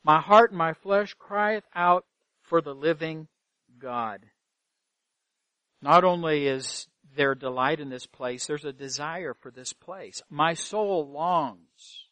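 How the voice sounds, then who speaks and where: Male pastor, high voice, dry recording, earnest sermon with rhetorical questions. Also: slow, pushed and bright, no echo. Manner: earnest preaching, rhetorical questions, repeats phrases for emphasis. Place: church sanctuary.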